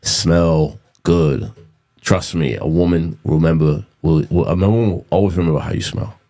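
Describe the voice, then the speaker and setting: A man's voice: rumbling low, moderate pace, mellow. A man in his thirties hosting a casual solo podcast, blunt and profane, repeating himself for emphasis. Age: 30s. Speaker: podcast host.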